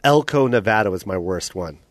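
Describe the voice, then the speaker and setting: A man in his thirties hosting a casual comedy podcast, laughing easily, egging on his guest and telling animated road stories. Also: on the low side, fairly quick, dry recording.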